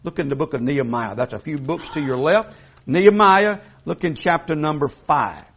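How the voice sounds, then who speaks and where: A man's voice: fairly high pitch, expressive, normal speed, a bit bright. A man preaching a sermon in a folksy, emphatic way, putting questions to the congregation.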